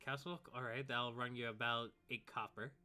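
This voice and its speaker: A man voicing a calm old male innkeeper in a tabletop game, polite but firm with people who skip paying. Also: mid-range voice, normal speed, clear, resonant tone. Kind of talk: playing a character in a tabletop game.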